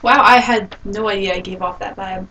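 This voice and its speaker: A woman's voice: mid-range voice, steady tone, brisk, pushed and bright, dull audio. A young woman chatting casually with a friend, joking playfully and laughing often. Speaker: guest friend. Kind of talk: casual chat. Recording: distant mic with faint noise.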